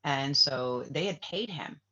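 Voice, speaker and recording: A man hosting a casual livestream, rambling and swearing, dropping to a hush and then flaring up heatedly. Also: medium pitch, animated, slow. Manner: rambling, profane, swings from hushed to heated. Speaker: spiritual reader and livestream host. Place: Bali, Indonesia. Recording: dull lo-fi livestream audio.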